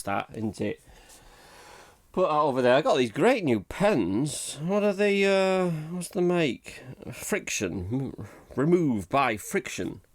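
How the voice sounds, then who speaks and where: A man hosting a casual solo podcast, rambling, laughing at himself and mocking his own slips. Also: medium pitch. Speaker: podcast host.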